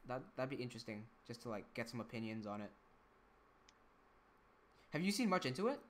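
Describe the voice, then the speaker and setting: A young man hosts a relaxed livestream in a bright, clear voice. He chats loosely, picks up viewer comments and restarts his sentences as he goes. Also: mid-range voice, fairly quick. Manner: chatty, reads out chat comments, frequent restarts. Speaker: livestream host and animator. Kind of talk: casual livestream chat.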